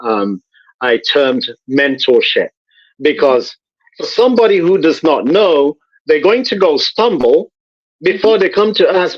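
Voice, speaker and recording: Male guest, slightly high voice, measured and thoughtful, on a dry, muffled line. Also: sing-song, dry recording. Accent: noted accent, admired by host. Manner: measured, thoughtful, repeats words while searching. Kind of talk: casual conversation.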